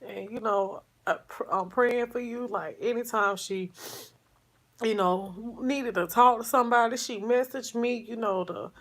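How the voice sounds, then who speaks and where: A woman vlogger chatting with her viewers in a halting, grieving way, sighing often and calling them y'all. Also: fairly high pitch. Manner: soft, grieving, subdued. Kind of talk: casual livestream chat with viewers.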